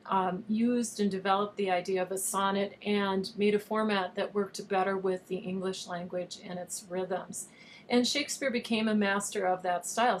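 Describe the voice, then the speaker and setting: A woman teacher talks through a recorded video lesson in a patient, explanatory way. Her pitch sits in an ordinary middle range. A faint hiss of background noise runs under her voice. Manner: patient, explanatory, reads verse with overstressed rhythm. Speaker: online high school teacher.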